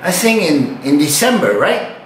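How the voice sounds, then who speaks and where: Lively older man. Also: fairly high pitch, moderate pace, a little hiss or hum. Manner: animated, profane, acts out his own reactions. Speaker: retired bodybuilder. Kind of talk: casual storytelling. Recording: roomy echo.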